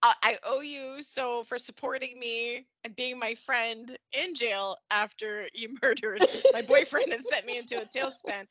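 A woman's voice: on the high side, measured pace, few pauses, fairly bright tone, no echo. A woman co-hosting a podcast, chatting casually about a soap episode, laughing often and acting out the characters' lines. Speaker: podcast co-host. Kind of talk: casual recap chat.

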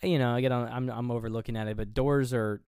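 A man's voice: medium pitch, steady tone, fast, a little mellow, clear, resonant tone, dry recording, clean studio sound. A man co-hosting a podcast, casually retelling a movie scene by scene in a rambling way, with swearing and acted-out quotes. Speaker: podcast co-host. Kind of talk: casual movie recap chat.

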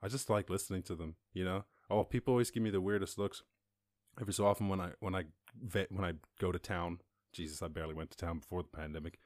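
A man's voice: low voice, fairly even intonation, quick pace, darkish tone, dry recording, studio quality. A man from West Cork with a West Cork Irish accent, rambling and swearing in a laid-back solo podcast monologue. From West Cork, Ireland. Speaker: podcast host.

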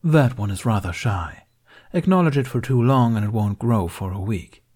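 A man voicing a middle-aged male Jedi master, gentle and dryly witty. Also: lowish voice, lively intonation, slightly rough. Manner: gentle, wry, measured.

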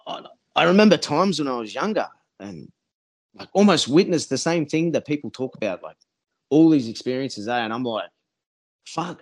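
A man telling a rambling story in casual chat, swearing a lot and acting out what people said. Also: fairly high pitch. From Australia. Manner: rambling, heavy swearing, acts out quotes. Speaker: podcast guest.

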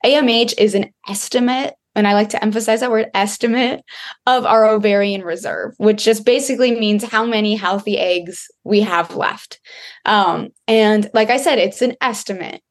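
A woman naturopathic doctor answering interview questions in a chatty way, full of "like" fillers. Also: mid-range voice.

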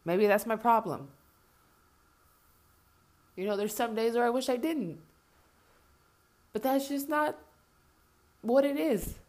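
A woman's voice: a little high, takes it slowly, pauses often, darkish tone. Blunt, cursing woman on a rant. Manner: blunt, heavily profane, emphatic; repeats herself for emphasis. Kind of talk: impassioned spoken rant.

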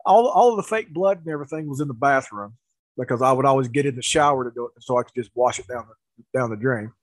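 A man telling a story in casual chat, animated, with laughs and restarts. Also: medium pitch, fast talker, no room sound, low-quality recording.

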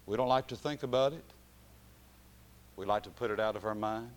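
A man with a lowish voice preaches a sermon, sinking into quiet, drawn-out phrases before rising to loud, shouted climaxes.

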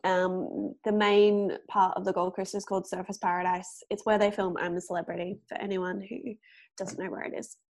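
A woman's voice: mid-range voice, expressive, normal speed, gravelly, darkish tone. Chatty Australian woman. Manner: chatty, rambling, filler-heavy. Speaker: guest. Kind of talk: casual interview chat.

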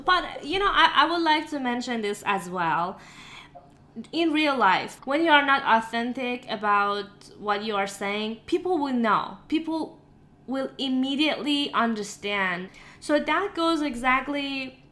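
A woman's voice: high-pitched, animated, a little slow, pushed and bright. A woman hosting a podcast, talking frankly and laughing easily in a casual interview. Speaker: podcast host.

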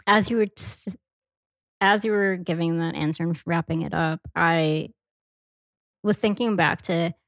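A young woman hosting a podcast reflects aloud on her guest's answer in a relaxed, affirming way. Her voice is somewhat low and sounds dry and close. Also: no echo. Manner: reflective, affirming listener with quick asides. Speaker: podcast host. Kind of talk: casual interview chat.

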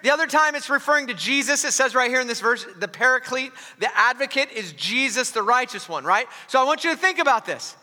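A man's voice: very high voice, expressive, quick pace, hardly any pauses, bright, forceful tone. A man preaching a sermon as a pastor, conversational and joking, with frequent restarts. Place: large church hall. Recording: long reverb of a large hall.

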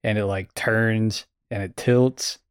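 A man with a lowish voice who talks eagerly and gets animated when describing something he likes. The sound is dry and close. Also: slow pace, clear, resonant tone, no room sound. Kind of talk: casual chat.

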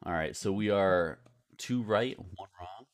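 A man's voice: deep voice, unhurried. A man hosting a podcast in loose, rambling casual chat, swearing now and then. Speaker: podcast host.

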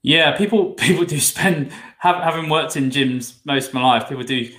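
Fitness coach host in an echoey room. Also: male voice, on the high side, moderate pace, fairly bright tone. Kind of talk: casual podcast interview.

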